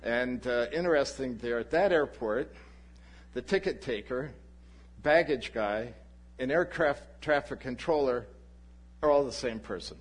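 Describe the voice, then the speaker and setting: Husky-voiced male pastor telling a story. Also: mid-range voice, unhurried. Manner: animated anecdote, voices the people in his story. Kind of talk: sermon storytelling.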